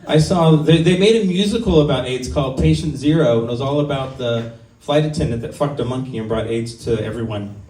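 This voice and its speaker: This is a man in his 50s on stage at an open mic in a small venue, telling crude, self-mocking jokes and rambling with many ums. His mid-range, slightly mellow voice moves a little fast with hardly a pause, and the roomy recording picks him up from a distance.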